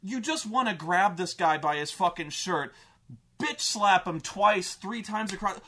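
A man's voice: high-pitched, big pitch swings, unhurried, sharp tone. Exasperated, profane vlogger man. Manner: exasperated, profane, rambling with many fillers. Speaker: vlogger, film reviewer. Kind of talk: casual rant.

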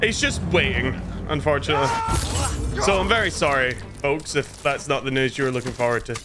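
A man's voice: mid-range voice, brisk, music in the background. A man livestreaming a game, chatting casually and jokingly and greeting viewers by name. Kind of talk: casual gameplay commentary.

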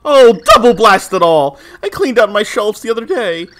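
A gamer reading out a flustered game character who gave away an item, exasperated and animated. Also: mid-range voice, fairly quick, natural voice. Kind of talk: reading game dialogue aloud.

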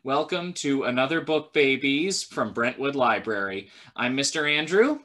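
A young man leading a baby storytime at a library, talking slowly in a sing-song way and breaking into high cheers. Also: expressive, sharp tone. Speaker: children's librarian.

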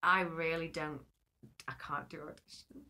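A woman's voice: deep voice, steady tone, unhurried, sharp tone. A woman in her thirties, a guest actress in a casual interview, chatty and laughing as she acts out quotes.

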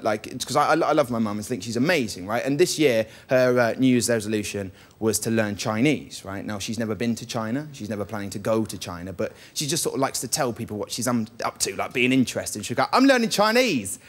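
A young male comedian doing a lively stand-up routine on a TV studio stage. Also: fairly low pitch, fast, hardly any pauses. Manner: lively storytelling with quoted voices. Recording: studio audience laughter and noise.

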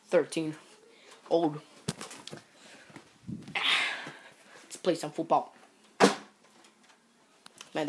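A woman chatting in a casual selfie vlog from her bedroom, excitable and often dropping into hushed whispered asides, recorded on a phone held at arm's length. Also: sits low, background noise. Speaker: vlogger. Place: bedroom at home.

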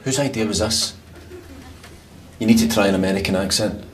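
A man's voice: on the low side, brisk, some chatter behind, natural voice. A man with a Scottish accent playing an irritable, sarcastic man stuck in a lift.

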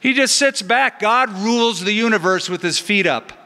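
Bright-voiced preaching man in a reverberant church. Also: sits high, normal speed. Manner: animated teaching with joking asides. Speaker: pastor. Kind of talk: sermon. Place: large church sanctuary. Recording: long hall reverb in church.

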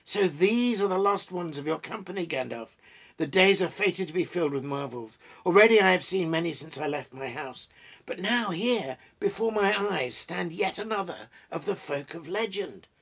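A man's voice: high voice, expressive, moderate pace, gravelly, a bit bright, breathy edge, pitched above the performer's own voice, exaggerated voice. A man voicing a stately older king who speaks formally and with dignity in a storybook reading. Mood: dignified.

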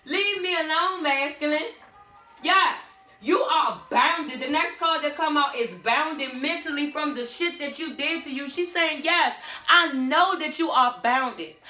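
Woman tarot reader, sassy and blunt, high bright voice, roomy echo with faint music. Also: a little slow. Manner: sassy, blunt, talks back to the cards. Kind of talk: casual tarot reading monologue.

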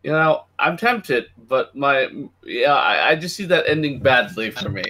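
Man, tabletop player, slow unhurried delivery, wry and laid back. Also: mid-range voice, animated, pushed and bright. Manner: slow, laughs often, wry. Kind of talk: casual chat.

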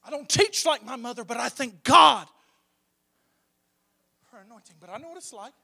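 A young male pastor delivers an impassioned sermon, his voice very high and gravelly with a sharp, bright edge. He swings from loud shouts down to hushed near-whispers. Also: animated, normal speed. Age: young adult.

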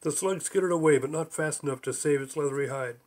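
A man's voice: on the high side, quick pace, a little mellow. A man reading his own book aloud as an audiobook, dry and matter-of-fact. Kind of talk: audiobook narration.

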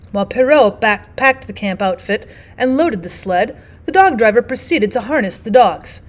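A woman reads a classic novel aloud for students, her voice sitting slightly high. Her narration is steady and clear, carrying the story at an even storytelling pace. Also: normal speed, few pauses. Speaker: teacher reading aloud. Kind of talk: audiobook narration.

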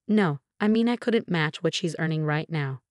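A woman voicing a gentle, sincere older father-in-law in a narrated story. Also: sits low, animated, moderate pace, no room sound, clean studio sound. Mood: kind. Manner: warm, sincere.

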